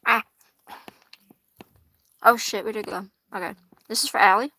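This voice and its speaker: A woman's voice: medium pitch, fairly even intonation, unhurried, sharp tone, a little hiss or hum. A young woman hosting a casual tarot livestream, chatty and rambling, swearing casually and laughing often while eating fries. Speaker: tarot reader and livestream host.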